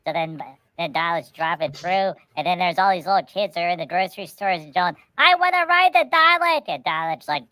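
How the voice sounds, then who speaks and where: A man's voice: fairly high pitch, steady tone, fairly quick, few pauses, a bit bright, clean tone, dry recording. A man co-hosting a casual podcast chat, telling rambling comic stories full of hesitations. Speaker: podcast co-host.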